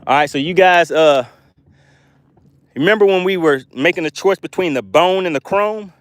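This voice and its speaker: A man hosting a live fishing stream from a boat, excitedly commenting and reading chat messages aloud. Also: a little high, moderate pace, dry recording. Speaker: fishing livestream host.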